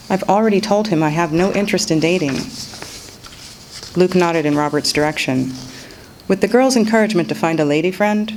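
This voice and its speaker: A woman's voice: low voice, slight background noise, low-quality recording. Woman reading her fiction aloud. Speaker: author reading her work. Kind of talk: reading a novel excerpt aloud.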